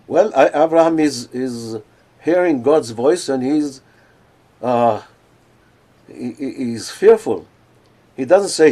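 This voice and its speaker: Slow-speaking man lecturing and chanting. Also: medium pitch, warm tone. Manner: explains slowly, then chants scripture verses in drawn-out cantillation. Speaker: lecturer on cantillation. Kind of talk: conference lecture with chanted examples.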